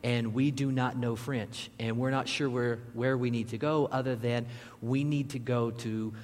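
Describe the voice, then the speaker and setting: A man's voice: medium pitch, fairly even intonation, measured pace, a little mellow. A man, a pastor, delivering a conversational sermon and turning now and then to speak directly to the congregation. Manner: conversational preaching with asides to the audience. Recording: long reverb of a large hall.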